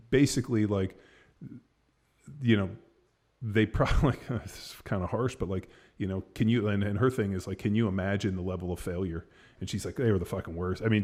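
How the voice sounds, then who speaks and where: A man with a fairly low voice hosts a podcast in easy, casual chat. He rambles through a story, leaning on "like" and "you know" and dropping the odd curse word as he goes. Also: darkish tone. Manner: rambling storytelling, heavy fillers and swearing. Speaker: podcast host.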